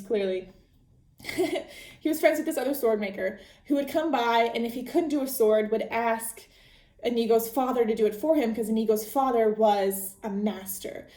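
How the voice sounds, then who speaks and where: A woman's voice: fairly high pitch, warm tone. Chatty woman podcast host in an echoey room. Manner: chatty, rambling, self-correcting with fillers. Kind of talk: casual book retelling.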